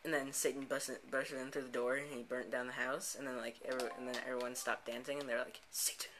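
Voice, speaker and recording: A man's voice: medium pitch, level tone, quick pace, background noise. A man, the host of a gameplay channel, improvising a rambling story full of "and then, like" restarts. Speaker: let's play host. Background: background music.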